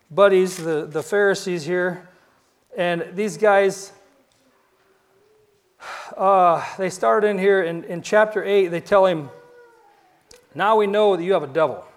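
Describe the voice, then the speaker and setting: Guy preaching, kinda high voice, chatty storytelling, trips over words, goes quiet for the big lines. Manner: conversational storytelling with repeated words and restarts. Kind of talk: sermon.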